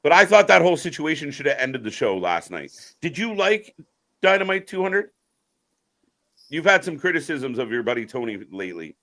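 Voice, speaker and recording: Bright-voiced excitable man co-hosting a stream. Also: fairly high pitch, moderate pace. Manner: excitable, swears casually, greets chat viewers. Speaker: live stream co-host. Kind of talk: casual wrestling watch-along chat.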